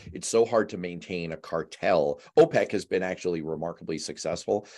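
Lively male political show host. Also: on the low side. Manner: animated, jokey, acts out mock phone calls. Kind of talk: casual political panel chat.

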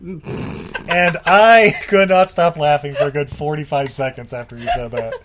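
A man's voice: fairly high pitch, fairly even intonation, a little slow, noisy background. A man co-hosting a casual movie chat, giggling and quoting lines from the film. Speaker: podcast co-host.

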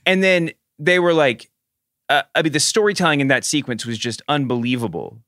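A man's voice: a little high, brisk, fairly bright tone, no echo, studio quality. A man from the American South co-hosting a podcast, chatting casually in rambling bursts with frequent restarts. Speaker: podcast co-host. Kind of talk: casual chat.

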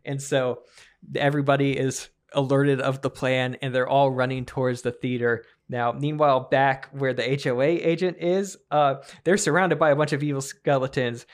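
A man's voice: medium pitch, flat delivery, normal speed. A man hosting a podcast, animatedly improvising a comedic story with giggles and restarts. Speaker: podcast host.

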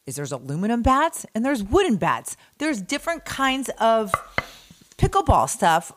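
A woman's voice: fairly high pitch, big pitch swings, normal speed. A woman co-hosting a casual talk show, emphatic and chiming in, repeating her points for effect. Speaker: show co-host. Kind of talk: casual chat.

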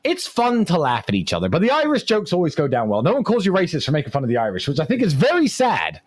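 A playful man trading jokes as a guest on a casual show. His voice sits a little high and swings about a lot. The sound is close and dry, with no room around it. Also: wildly swooping pitch, quick pace, dry recording. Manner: teasing, playful. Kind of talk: casual joking chat.

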